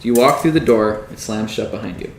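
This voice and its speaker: A man running a tabletop game as dungeon master, narrating scenes in a low, hushed storytelling voice. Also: expressive, a little fast, gravelly, echoey room, slight background noise, low-quality recording.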